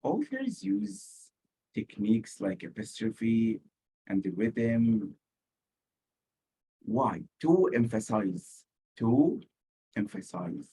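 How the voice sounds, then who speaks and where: A man with an Arabic accent teaches an SAT lesson in a slow, unhurried way. His voice sits on the low side and sounds husky. He often repeats the key word several times to make it stick. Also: warm tone, poor audio. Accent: Arabic-speaking. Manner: explains slowly, repeats key words for emphasis. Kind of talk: recorded lecture.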